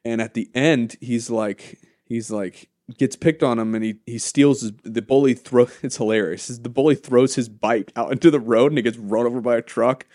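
A man co-hosting a casual podcast, retelling a story in an animated way, swearing and laughing easily. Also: medium pitch, normal speed, few pauses, dry recording, studio quality. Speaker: podcast co-host. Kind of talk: casual chat.

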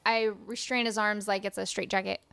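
Female player, relaxed, hesitant, chatty. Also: mid-range voice, brisk, vocal fry, clear, resonant tone. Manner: casual, hesitant, laughing. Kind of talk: tabletop role-play.

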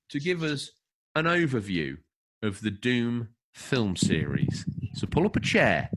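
A man with a lowish, slightly bright voice co-hosts a podcast. He chats casually while reading out an overview, dropping in wry, opinionated asides.

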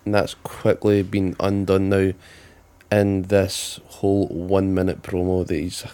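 A man co-hosting a casual wrestling chat, asking questions and getting excited. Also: low voice, a little slow, clean tone. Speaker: podcast co-host.

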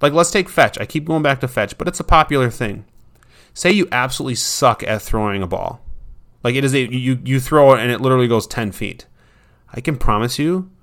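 A man's voice: mid-range voice, a bit bright. A man who trains dogs, giving casual advice in a chatty, self-deprecating way and sometimes acting out what his dog would say.

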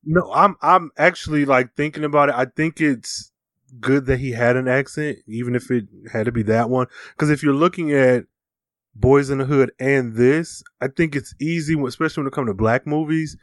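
A man co-hosting a podcast, chatting in a relaxed way about a movie. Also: medium pitch, moderate pace, dry recording, studio quality. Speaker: podcast co-host. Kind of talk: casual movie discussion.

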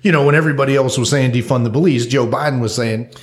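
A man's voice: medium pitch, fast talker. A man co-hosting a casual political talk show, earnest and hesitant, stumbling over restarts and fillers. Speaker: podcast co-host.

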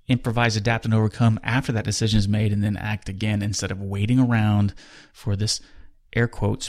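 A man in his fifties hosts a solo podcast in a fairly low voice. He speaks earnestly and motivationally, repeating key phrases for emphasis. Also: creaky. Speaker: podcast host.

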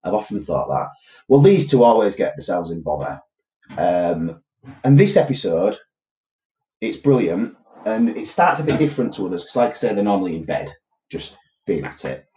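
A man's voice: deep voice, big pitch swings, brisk, warm tone. A man co-hosting a podcast, chatting casually as he retells a TV episode and slips into quoted voices. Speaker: podcast co-host. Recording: roomy echo.

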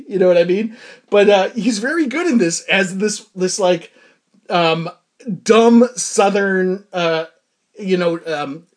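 A young man ranting casually and comically, exasperated and laughing often, with lots of fillers. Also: sits high. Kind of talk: casual comedic rant.

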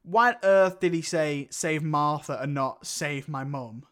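A man's voice: on the high side, measured pace, a bit bright, smooth. A man co-hosting a casual film review podcast, rambling and often breaking into laughter. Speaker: podcast co-host.

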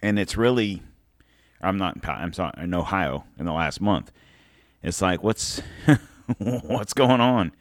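A man's voice: low-pitched, lively intonation, measured pace, dry recording, studio quality. A man hosting his own show, delivering a rambling, heated and sarcastic political commentary monologue. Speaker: show host.

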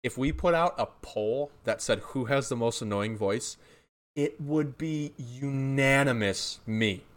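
A young man with a mid-range voice hosts a laid-back live-streamed chat at an unhurried pace. He's a podcast host who jokes around, swears freely and gets excitable.

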